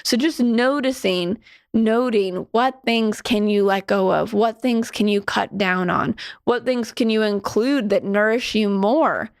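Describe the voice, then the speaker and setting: In a clean, dry studio recording, a female teacher gives a relaxed spiritual talk in an unhurried, mid-range voice with a clean tone. Her speech is full of "like"s, and she keeps laughing as she chats along.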